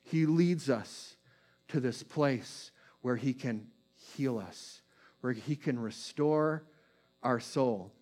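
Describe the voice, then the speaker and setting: A man delivering a sermon as a pastor, moving between quick bursts and slow, hushed phrases. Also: mid-range voice, faint music behind.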